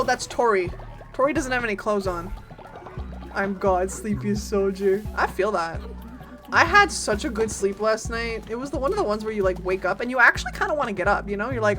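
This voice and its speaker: A woman's voice: mid-range voice, fairly quick. A woman streaming a game, chatting casually and giggling with her viewers, swearing often. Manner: animated and giggly, greets chat, swears often. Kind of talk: casual live-stream chat while gaming. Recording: game music playing under voice.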